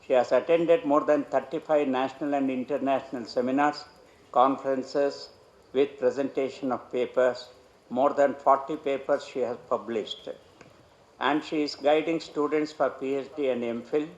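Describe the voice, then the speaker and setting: A man's voice: mid-range voice, fairly even intonation, normal speed, a little mellow. A man with an Indian English accent formally introducing the next speaker by listing her credentials. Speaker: session chair introducing the speaker. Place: lecture hall. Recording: echoey, dull hall sound.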